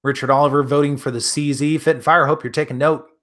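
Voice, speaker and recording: A man's voice: on the high side, steady tone, fast talker, a bit bright. A man with a Midwestern accent hosting a live stream, chatting casually with viewers, friendly and rambling with lots of ums and restarts. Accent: Midwestern American. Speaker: gun channel host answering live chat.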